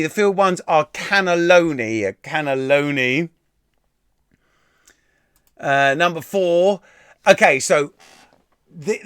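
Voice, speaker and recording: Chatty, swearing quiz host. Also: male voice, high-pitched, a bit bright, no echo, clean studio sound. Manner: chatty and irreverent, swears casually, lots of fillers and restarts. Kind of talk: live-streamed quiz answer readout. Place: at home, room near a kitchen. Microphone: desk microphone.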